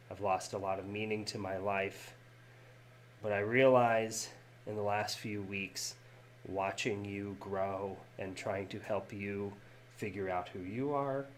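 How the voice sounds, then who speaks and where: A man voicing a weary older male lawman, reading his soft, tender farewell letter in a tabletop game story. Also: on the low side, a little hiss or hum, lightly acted.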